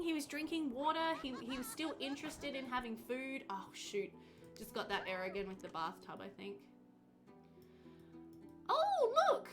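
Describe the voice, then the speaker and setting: A woman streaming a game live, chatting with her viewers, reading their comments aloud and reacting with bright exclamations. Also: on the high side. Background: game music.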